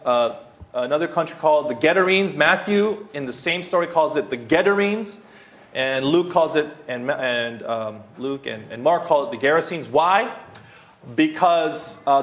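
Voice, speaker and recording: In a slightly high, somewhat bright voice, a man in his thirties delivers an emphatic verse-by-verse expository sermon. Key phrases come back again and again, fillers are frequent, and the room gives off a noticeable hall echo.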